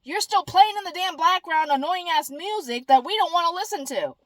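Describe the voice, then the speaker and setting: A woman's voice: extremely high pitch, expressive, brisk, no echo. A woman talking casually to her camera, rambling and blunt, swearing freely and mimicking whiny voices. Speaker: vlogger.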